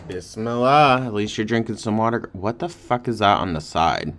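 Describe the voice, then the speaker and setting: A man's voice: on the low side, lively intonation, brisk, a little hiss or hum. A man hosting a reaction video, talking casually, swearing and laughing often as he comments.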